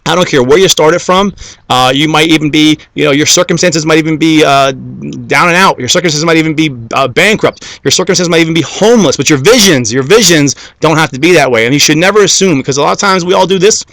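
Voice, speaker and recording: Fast and fairly high-pitched, with vocal fry and a slightly bright tone, a motivational speaker preaches to an audience with no room sound. He's repetitive, stacking parallel phrases and constantly checking in with "okay?" and "guys."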